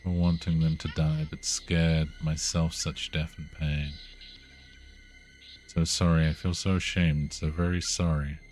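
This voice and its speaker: A man's voice: rumbling low, flat delivery, faint music behind. A man voicing a remorseful haunted doll. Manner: slow, quiet, sing-song recitation. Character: remorseful haunted antique doll spirit, male. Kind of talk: reading game dialogue aloud.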